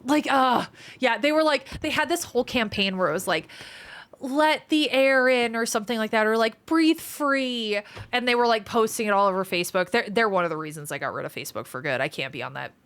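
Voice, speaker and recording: A woman's voice: mid-range voice, fairly bright tone. Profane, frank woman streamer. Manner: frank, profane, quick to vent. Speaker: surgical trainee. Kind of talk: casual live-stream chat, reading viewer comments aloud.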